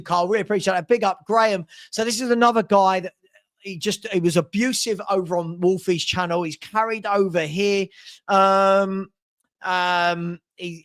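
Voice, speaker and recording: A man's voice: sits high, fairly bright tone. A man hosting a live-stream football Q&A, reading out viewer questions and answering bluntly, often stumbling and repeating himself.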